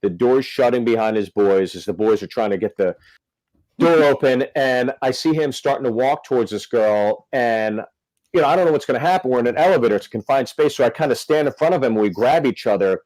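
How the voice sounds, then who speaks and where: A man's voice: mid-range voice, animated, brisk, a little mellow, dry recording, low-quality recording. A male comedian telling a story on a podcast, acting out the quotes. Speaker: comedian guest.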